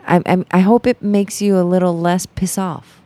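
A young woman co-hosting a casual podcast, teasing and laughing along in a relaxed way. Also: lowish voice, moderate pace, no echo. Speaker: podcast co-host. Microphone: talking close into a mic.

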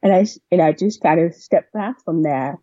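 A young deaf woman telling a long personal story in an interview, replaying what people said to her with lively voices. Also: lowish voice, normal speed, dry recording, highs cut off. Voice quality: deaf speech. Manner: rambling, animated retelling of dialogue. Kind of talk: casual storytelling.

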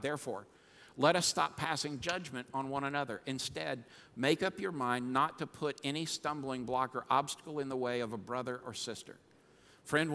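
A man preaching a sermon as pastor, fired up and swinging between quiet asides and shouting. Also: mid-range voice. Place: church sanctuary. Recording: long hall reverb.

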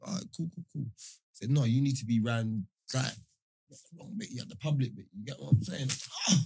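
A young man telling a story in casual chat, animated and full of slang fillers. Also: mid-range voice, a little fast, gravelly, slightly rough.

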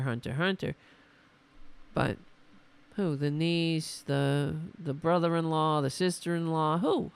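Hoarse woman mocking the news, slow and gravelly. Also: on the low side. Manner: mocking, exasperated, talks back to clips. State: losing her voice. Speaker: political commentary host. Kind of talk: sarcastic livestream commentary.

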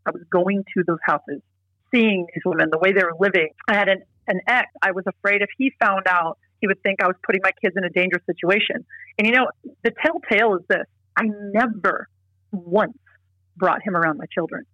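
Woman, middle-aged, interview guest, earnest and emphatic, frequent restarts, forceful bright tone. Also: medium pitch, fairly quick, dry recording, lo-fi sound. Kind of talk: casual interview talk.

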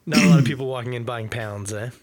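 A man hosting a podcast in casual chat, relaxed and hesitant, with many fillers. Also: mid-range voice, fast talker. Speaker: podcast host.

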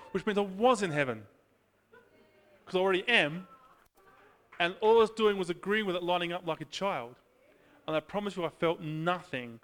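A man's voice: on the high side, fairly bright tone. A man preaching in a casual storytelling way, self-deprecating and chatty, moving into prayer. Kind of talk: sermon with personal storytelling.

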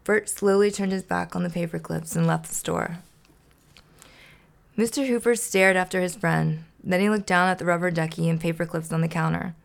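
A woman's voice: on the low side, fairly even intonation, moderate pace, gravelly. A woman podcast host reading a children's storybook aloud in a playful way. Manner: playful, laughs to herself.

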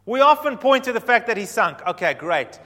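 Animated male preacher in a reverberant hall. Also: extremely high pitch, brisk. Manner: animated, swings from quiet to emphatic. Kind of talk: sermon.

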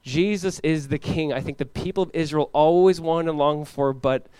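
A man's voice: a little high, smooth, dry recording. A man preaching an expository sermon as pastor, acting out the characters he talks about. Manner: animated, acts out biblical characters in quick voices.

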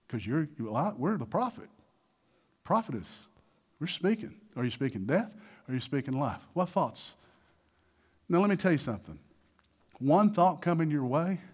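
A man's voice: mid-range voice, breathy edge. A man preaching a sermon as a pastor, posing questions to the congregation and rising into emphatic exhortation.

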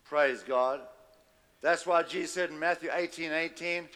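A man's voice: fairly high pitch, a little slow, pushed and bright, big-room sound. A man preaching a sermon, emphatic and calling on the congregation to repeat after him. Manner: emphatic, call-and-response with the congregation. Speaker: pastor.

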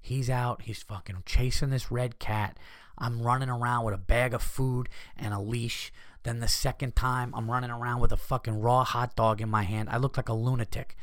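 A man's voice: medium pitch, flat delivery, normal speed, no echo, studio quality. A man hosting a comedy podcast, telling stories in a casual, profane way and acting out his own outbursts. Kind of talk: casual storytelling monologue.

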